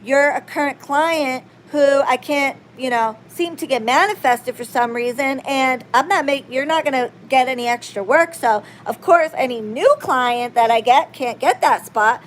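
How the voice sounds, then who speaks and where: High pitched witch lady ranting on her vlog, cussing a lot, super emphatic, always going okay?. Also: normal speed, hardly any pauses, slight background noise. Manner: blunt, profane, emphatic, keeps asking "okay?". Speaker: witch and spiritual reader. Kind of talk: venting vlog monologue.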